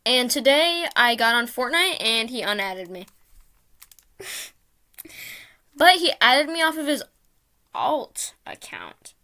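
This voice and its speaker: A woman's voice: fairly high pitch, animated, slow, pauses often, bright, forceful tone. A woman vlogger telling a casual, rambling story with lots of fillers, often mocking herself.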